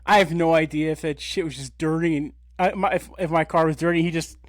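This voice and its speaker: A man in his thirties, a podcast co-host, telling a story in a casual, animated way, swearing and acting out quotes. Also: a little high, quick pace, no echo. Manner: animated, profane, acts out quotes.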